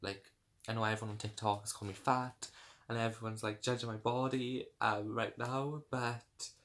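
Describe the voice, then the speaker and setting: A man's voice: medium pitch, steady tone, moderate pace, fairly bright tone. A young man chatting casually through a clothing try-on haul, rambling with lots of fillers. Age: young adult. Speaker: fashion vlogger.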